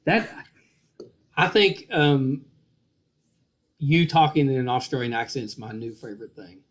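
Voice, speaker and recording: A middle-aged man with a Virginian accent hosting a casual podcast interview over a video call, chatty and joking, often trailing off softly. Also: mid-range voice, expressive, measured pace. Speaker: podcast host.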